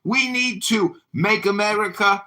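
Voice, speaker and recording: A man's voice: high voice, unhurried, bright, forceful tone. A man, a political candidate, putting on a British accent and giving a pompous, ranting campaign speech in an online audio room. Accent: put-on British.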